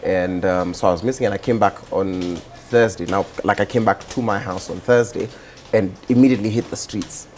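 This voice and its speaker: A young man with a Kenyan accent, a guest on a talk show, telling his story in a relaxed, rambling way with many fillers. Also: fairly low pitch, a little fast, slight background noise. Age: young adult. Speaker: guest, activist and musician. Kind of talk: casual interview storytelling.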